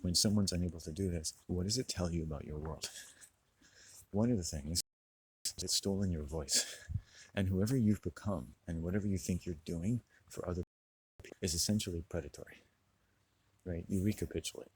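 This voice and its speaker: A man's voice: sits low, brisk, pauses often, darkish tone, breathy edge, rough recording. A man talking in a rambling, profane monologue, sarcastic and laughing at his own jokes.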